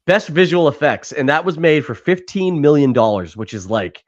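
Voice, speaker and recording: A fairly high-voiced man co-hosts a casual podcast chat, rambling along and laughing often as he talks. He swears casually. The sound is dull and lo-fi. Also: sing-song, normal speed. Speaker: podcast co-host.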